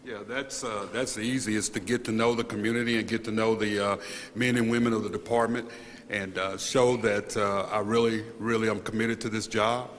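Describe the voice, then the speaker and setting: A man with a somewhat low voice addresses a press event as the new police chief. He talks in halting, earnest bursts, doubling words as emotion catches his throat. His voice carries a long reverb from a large hall, with faint room noise underneath. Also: fairly even intonation. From United States. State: choked up with emotion. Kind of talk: emotional acceptance speech at press conference.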